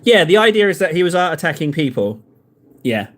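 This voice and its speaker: A man's voice: fairly high pitch, very animated, a little fast, a bit bright. A man chatting casually and rambling in jokes to his viewers while he paints models on a live stream. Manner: rambling, jokey, talks to viewers in chat.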